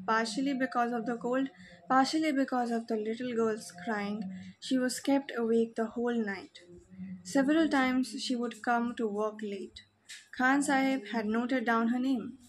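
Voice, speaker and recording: A woman reading a short story aloud as a narrator, in an even, measured way. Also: on the high side, slight background noise, low-quality recording.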